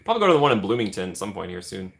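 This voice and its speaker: A man's voice: on the low side, sing-song, very fast, vocal fry, fairly bright tone. A young man with a Midwestern American accent hosting a livestream, chatting playfully with viewers and greeting them by name. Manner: playful, chatty, reads and answers chat. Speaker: livestream host. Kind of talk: casual chat with live viewers.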